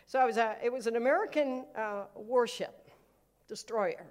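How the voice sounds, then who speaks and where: Woman pastor with a high voice, preaching with humorous stories and loud acted-out prayers. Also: moderate pace. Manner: storytelling with humor, acting out prayers loudly. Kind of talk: live sermon.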